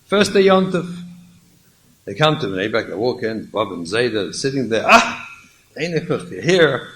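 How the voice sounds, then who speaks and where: A man, a rabbi, telling a lively story in a lecture and acting out the dialogue. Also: on the low side, moderate pace, low-quality recording.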